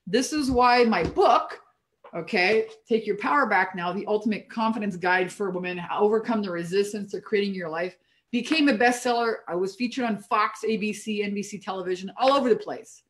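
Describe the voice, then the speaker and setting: A woman's voice: medium pitch, brisk. A middle-aged woman from Canada, a business coach giving a blunt, profane, emphatic motivational talk on a live stream from her home office.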